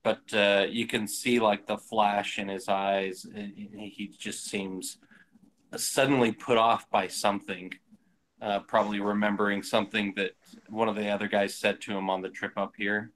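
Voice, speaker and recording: A man's voice: lowish voice, normal speed. A man playing a tabletop game, casually describing his character's actions. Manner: relaxed, speaks his character's actions aloud. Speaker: player.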